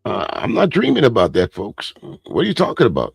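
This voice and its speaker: A man's voice: lowish voice, huge pitch swings, brisk, gravelly, slightly rough, dry recording, faint music behind. A man hosting a casual live commentary, blunt and profane, stammering as he reads viewer comments aloud. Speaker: host reacting to a speech and viewer comments.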